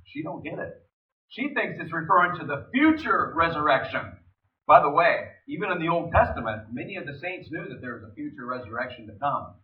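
A male pastor with a fairly high voice that swings widely in pitch as he preaches. He sounds far from the mic in an echoey space. The sound is thin and phone-like. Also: fairly quick. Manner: animated preaching, reads scripture aloud. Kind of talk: sermon.

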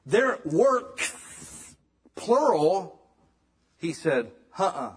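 A man giving a sermon in a casual, conversational way, swinging between emphatic loud lines and hushed ones. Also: on the high side, animated, moderate pace, slightly rough. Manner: casual, conversational preaching with slang. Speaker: pastor.

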